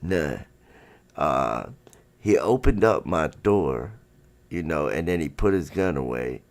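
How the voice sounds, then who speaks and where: A man's voice: extremely low pitch, lively intonation, slow pace, vocal fry. A man hosting a livestream, telling a story in a casual, rambling way, full of swearing and "you know what I'm saying". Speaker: livestream host.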